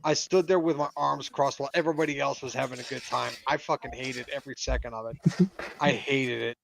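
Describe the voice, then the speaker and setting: A man's voice: medium pitch, steady tone, brisk, vocal fry, crowd noise, rough recording. A man co-hosting a podcast in casual chat, blunt, profane and rambling. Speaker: podcast co-host.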